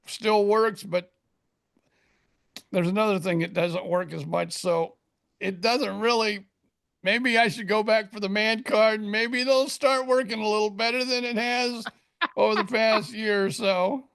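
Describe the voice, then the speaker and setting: A man's voice: sits high, steady tone, measured pace, gravelly, fairly bright tone, clear, resonant tone. An older man co-hosting a podcast, telling rambling jokes in casual chat. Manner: rambling, joking storyteller. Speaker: podcast co-host.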